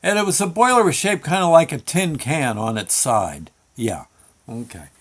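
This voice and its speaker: A man with a slightly high voice tells a rambling story. He is folksy and halting, piling on fillers and restarting his sentences as he goes. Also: lively intonation. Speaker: show host telling a work story.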